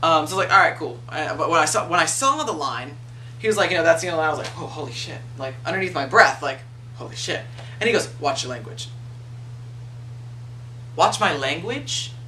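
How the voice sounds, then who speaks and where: Young man, early twenties, animated vlog storyteller, bright tone, slightly distant mic with faint hum. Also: a little high, fast. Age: 20s. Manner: animated, swears freely, acts out quoted people. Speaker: video blogger. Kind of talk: casual storytelling rant.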